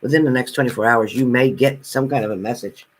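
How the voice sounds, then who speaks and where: A man's voice: mid-range voice, quick pace, slight background noise, poor audio. A man hosts a live tarot stream in an ordinary middle-range voice. He talks in an easy, chatty way and reassures each viewer, addressing them directly by name. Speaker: tarot reader.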